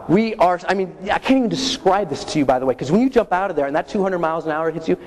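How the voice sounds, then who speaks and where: A man's voice: sits high, fast, hardly any pauses. A young adult man, a motivational speaker, telling a comic story on stage and acting out screams and dialogue. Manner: animated, acts out screams and dialogue. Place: large hall with audience. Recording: echoey hall, faint noise.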